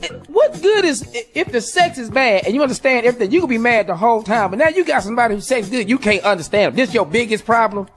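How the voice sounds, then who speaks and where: A woman's voice: a little high, lively intonation, quick pace, hardly any pauses, faint music behind. A woman co-hosting a radio morning show, talking in a drawling, slangy, joking way, laughing as she goes. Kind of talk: casual comedic banter. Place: radio studio.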